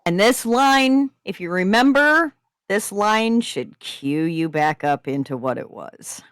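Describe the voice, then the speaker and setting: Animated woman reading stories aloud. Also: medium pitch, slow, clean tone, no room sound, clean studio sound. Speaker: podcast host reading submissions. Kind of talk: livestream story reading.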